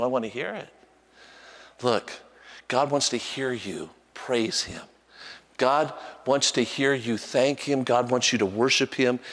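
Male pastor preaching in a reverberant church. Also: medium pitch. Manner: animated preaching with frequent restarts, sings softly. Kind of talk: sermon. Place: church sanctuary with long reverb.

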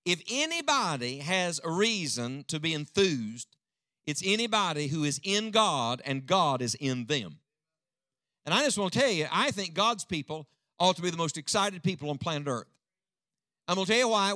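Rousing, bright-voiced older preacher. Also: male voice, sits high, no room sound, studio quality. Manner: dynamic, rousing, calls for congregation response. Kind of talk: sermon. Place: church before a live congregation.

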